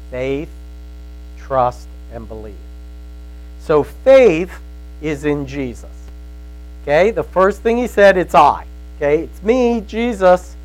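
Man, fairly high pitch, casual sermon, folksy storyteller, chatty. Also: low-quality recording. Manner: storytelling, folksy, asks "right?" often. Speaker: Bible teacher. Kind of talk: conversational sermon.

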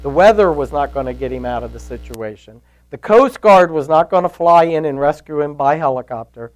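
Folksy storytelling man, fairly high voice. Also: expressive, fairly quick, low-quality recording. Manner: storytelling, folksy, asks "right?" often. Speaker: Bible teacher. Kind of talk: conversational sermon.

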